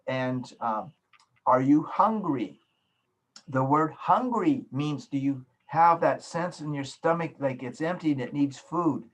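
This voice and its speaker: A man's voice: medium pitch, fairly bright tone. A man teaching a class as professor over a video call, patiently explaining with simple everyday examples. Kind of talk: online lecture. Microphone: computer mic on a video call.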